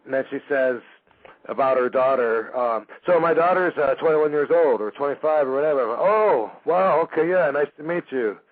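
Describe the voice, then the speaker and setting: A man's voice: medium pitch, normal speed. Chatty man on a tinny radio line. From Michigan, USA. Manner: animated, acts out quoted voices, frequent fillers. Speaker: radio show host. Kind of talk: casual storytelling radio talk. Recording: phone-like narrow band radio audio.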